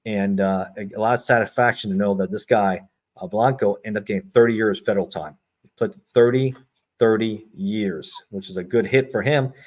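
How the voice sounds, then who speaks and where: As a podcast guest, a middle-aged man who retired as a federal agent recounts stories in a lowish, somewhat mellow voice. He moves briskly, performing the quoted dialogue as he goes.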